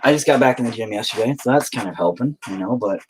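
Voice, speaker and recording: Talking fast with a breathy edge, this middle-aged male musician has a mid-range voice and lively intonation. He rambles candidly to his stream chat, swearing heavily, in a casual confessional livestream monologue.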